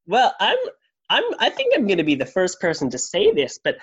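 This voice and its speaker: A man's voice: on the high side, expressive, a bit bright. A man playing an awkward, stammering movie star in an improvised comedy sketch. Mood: flustered. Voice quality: stammering, halting. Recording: dull lo-fi audio.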